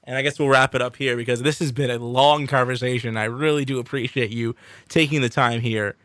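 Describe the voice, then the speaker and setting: A man's voice: medium pitch, fairly even intonation, brisk, fairly bright tone, no room sound, studio quality. An American man hosting a casual podcast, goofy and cracking jokes at his own lines. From United States. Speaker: podcast host.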